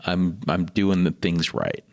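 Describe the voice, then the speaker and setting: A man's voice: sits low, level tone, slow. A man hosting a podcast, asking interview questions in a casual way with many fillers. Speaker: podcast host.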